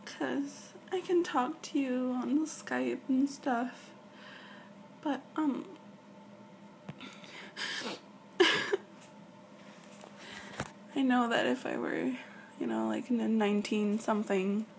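Soft whispering woman, whispered role-play. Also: on the high side, drawn-out words, gravelly, long pauses, slight background noise. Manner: soft, affectionate, often dropping to a whisper. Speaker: ASMR role-play girlfriend on a video call.

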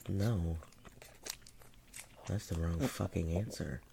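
Taking it slowly in a deep, exaggerated voice, a man voices a dominant non-human male creature who mocks and taunts in a breathy whispered role-play, chuckling frequently. The background is noisy.

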